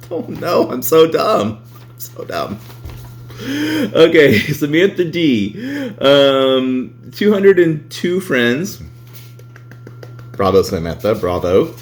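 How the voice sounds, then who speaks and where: A man chatting casually on a vlog, reading reviews aloud, laughing often and swearing freely. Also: mid-range voice.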